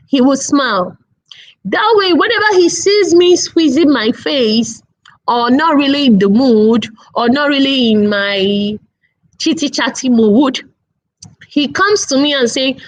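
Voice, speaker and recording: Lady doing a parenting webinar, high pitched, takes it slow, keeps repeating her point. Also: animated, poor audio. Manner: earnest, repetitive teaching with slow emphatic phrases. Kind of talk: online webinar talk.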